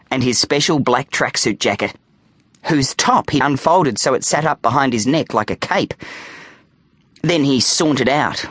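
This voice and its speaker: A man reading a children's audiobook aloud with playful, animated storytelling on a close studio mic. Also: medium pitch, no echo. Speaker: audiobook narrator.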